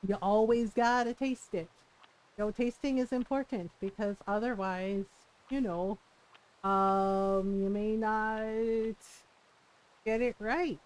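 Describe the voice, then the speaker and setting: A woman's voice: medium pitch, fairly even intonation, slow pace, darkish tone. A woman streaming a game, chatting casually and telling stories, acting out what her family said. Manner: chatty anecdotal storytelling, acts out family quotes. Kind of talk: casual live-stream chat while playing.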